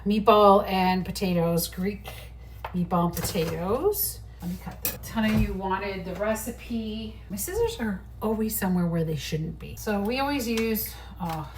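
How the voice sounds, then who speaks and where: A woman's voice: mid-range voice, distant mic. Chatty woman cooking at home. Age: middle-aged. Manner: chatty, swearing freely, talking to camera while cooking. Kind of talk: casual kitchen vlog chat. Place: home kitchen. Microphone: phone on a tripod. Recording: phone mic from across the kitchen with background noise.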